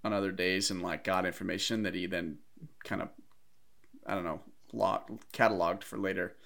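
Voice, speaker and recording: Guy on a movie podcast, kinda low voice, thinks out loud about plot holes. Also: steady tone, moderate pace, creaky. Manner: thoughtful, picks apart plot details. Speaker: podcast co-host. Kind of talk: casual movie discussion.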